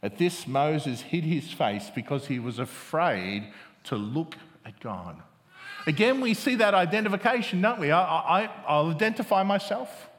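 A man's voice: on the high side, sing-song, measured pace, fairly bright tone. A man preaching a sermon, reading scripture aloud and often asking his listeners "don't we?" as he goes. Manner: asks the congregation "isn't it?" often, with restarts. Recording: long reverb of a large hall.

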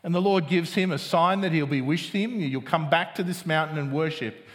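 Guy giving a sermon, kinda high voice, big echoey hall, keeps going "isn't it?". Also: moderate pace. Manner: asks the congregation "isn't it?" often, with restarts. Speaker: preacher. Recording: long reverb of a large hall.

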